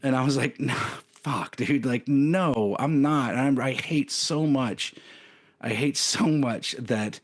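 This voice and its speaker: Man, thirties, podcast co-host, mid-pitched voice, casual rambling, candid, many fillers. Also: slow. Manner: candid, rambling, lots of "like" and restarts. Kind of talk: casual chat.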